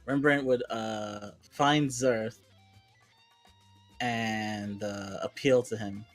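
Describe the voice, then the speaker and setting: A man playing a tabletop game, speaking hesitantly with halting pauses. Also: lowish voice, steady tone, soft background music. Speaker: player. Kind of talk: casual tabletop chat.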